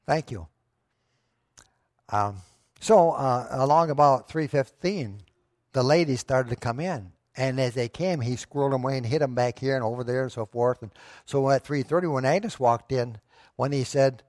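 A man's voice: mid-range voice, normal speed, a little mellow, dry recording, clean studio sound. A pastor preaching a sermon to his church, telling a story in a conversational way that rises to emphatic moments.

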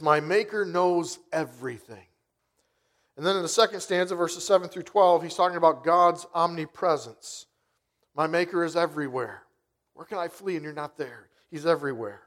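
Emphatic male preacher, fairly high voice. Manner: emphatic, rising to loud stresses; reads scripture slowly and softly. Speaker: pastor. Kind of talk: sermon.

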